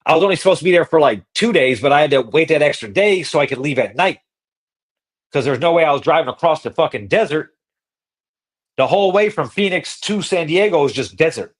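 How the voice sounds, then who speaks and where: A man hosting a podcast, telling a road-trip story in casual, profane, slangy talk that gets animated. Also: on the high side, fairly quick. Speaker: podcast host.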